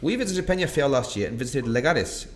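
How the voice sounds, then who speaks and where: A man's voice: medium pitch, lively intonation, brisk, slight background noise. A man hosting an online wine tasting, chatting casually and laughing often at his own jokes.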